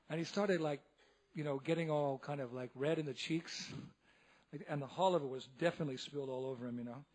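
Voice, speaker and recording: Male monk lecturer, high-pitched, lively comic storyteller who breaks into laughter. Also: fast talker. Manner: animated, laughs often, acts out others' voices. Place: temple hall.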